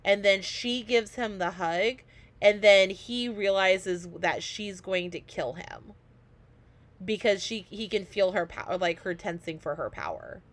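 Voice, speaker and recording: A woman's voice: medium pitch, measured pace. A woman co-hosting a podcast, recapping a TV episode in casual chat, hesitant and searching for words with many ums and uhs. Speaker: podcast co-host.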